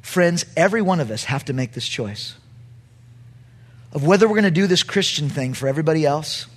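A male pastor preaching with a high, lively voice that swings widely in pitch. His tone is slightly husky, and his delivery is animated, climbing to shouts at the big moments. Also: brisk. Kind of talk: sermon.

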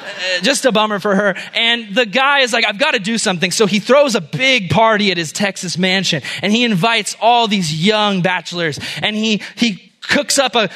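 Male youth pastor, high voice, bright tone, joking sermon storyteller. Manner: animated, joking, fast storyteller.

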